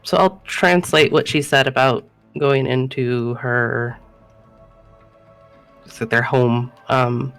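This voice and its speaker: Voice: medium pitch, steady tone, slow pace, fairly bright tone, clear, resonant tone, faint music behind. A player in a tabletop game, talking casually and a little hesitantly. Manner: hesitant, with repeated words.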